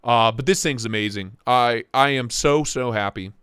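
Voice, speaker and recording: A young man hosting a casual knife livestream from his home office, excitable and joking as he reacts to chat. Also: mid-range voice, normal speed, clean tone, no echo, studio quality. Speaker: livestream host reviewing knives. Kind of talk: casual live-stream chat.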